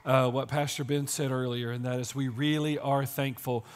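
A man preaching an Easter sermon to his congregation as pastor, his voice strained and squeaky today, joking and teasing the crowd as he talks. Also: level tone, normal speed. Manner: joking, playful, teasing the audience. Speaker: teaching and campus pastor. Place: church service.

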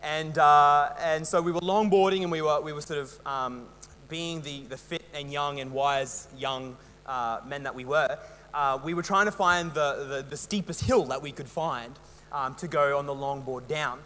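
Chatty Australian pastor in a reverberant hall. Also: male voice, on the high side, moderate pace, a bit bright, slight background noise. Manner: chatty, rambling, self-mocking with many fillers. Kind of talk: casual storytelling sermon.

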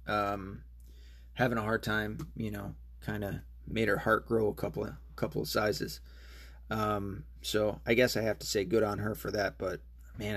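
Profane, rambling man with a husky voice. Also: lowish voice, no echo. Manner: profane, rambling, angry, with many fillers and restarts. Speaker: podcast host. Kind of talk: solo political rant.

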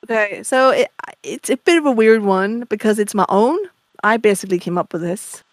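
A chatty, opinionated woman holding forth in casual podcast talk over a video call. She explains with gusto, her voice at a middling pitch for a woman. The sound is dry and close. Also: normal speed, no room sound. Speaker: podcast co-host. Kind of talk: casual chat.

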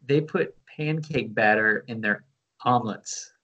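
A man co-hosting a podcast, laid-back and quick to laugh in casual chat. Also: medium pitch, sharp tone, muffled recording, slight background noise. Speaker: podcast co-host.

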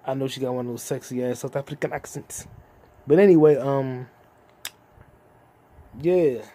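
Talking a little slowly in a mellow, mid-range voice, a man in his 20s hosts a casual solo podcast. His chat rambles and free-associates, peppered with constant profanity.

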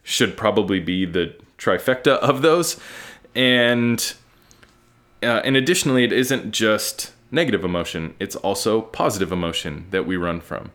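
Earnest, frank man with a lowish voice. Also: moderate pace, fairly bright tone. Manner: earnest, candid, swears casually. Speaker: podcast host. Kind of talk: solo reflective monologue.

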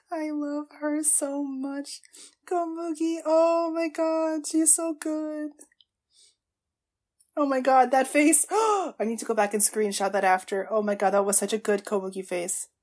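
A woman podcast host reacting live to an anime episode, gushing and excitable, with frequent gasps and quiet hushed asides. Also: sits high, unhurried. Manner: drops to hushed asides at tense moments.

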